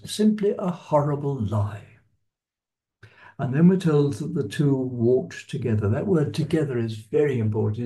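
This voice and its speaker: A man giving an unscripted lecture on a Bible passage, in a measured, explanatory way that stresses key words. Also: mid-range voice, dark tone. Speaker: lecturer on scripture.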